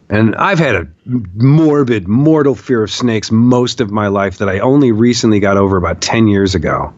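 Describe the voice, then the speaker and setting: A man's voice: fairly low pitch, lively intonation, moderate pace, no room sound. A man as a podcast guest, telling a story in an emphatic, profane way and repeating phrases for stress. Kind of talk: conversational storytelling. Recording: dull, muffled podcast audio.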